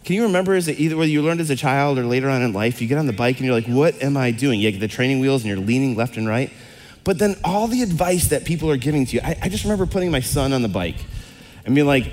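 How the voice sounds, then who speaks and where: A man's voice: medium pitch, animated, fast, darkish tone, big-room sound. A middle-aged man preaching a casual, interactive sermon to a congregation, chatty and rambling, full of fillers and questions to the crowd. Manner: chatty, rambling, lots of fillers and restarts, asks the audience questions. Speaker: pastor. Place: church hall before a congregation.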